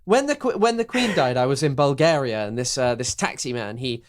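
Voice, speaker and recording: A man's voice: medium pitch, expressive, fairly quick. A young English man chatting casually as a podcast co-host, sardonic and rambling, with many fillers and restarts. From England. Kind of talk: casual political chat.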